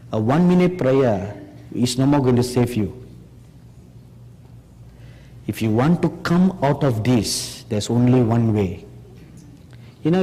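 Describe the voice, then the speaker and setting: Slow emphatic male preacher in a hall. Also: mid-range voice, a little mellow. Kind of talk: sermon. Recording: long hall reverb.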